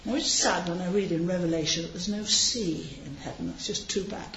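A woman preacher gives an informal sermon in a large hall, chatty and anecdotal with frequent asides. Her voice is lowish and fairly bright, fairly quick, with slight background noise in a roomy, slightly dull recording.

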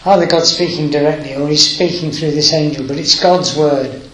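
A man's voice: a little high, fairly even intonation, fairly bright tone, echoey room, a little hiss or hum, poor audio. A man preaching a sermon, reading scripture aloud and explaining it with hesitant fillers, moved by the story. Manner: unhurried, emotional, with hesitant fillers.

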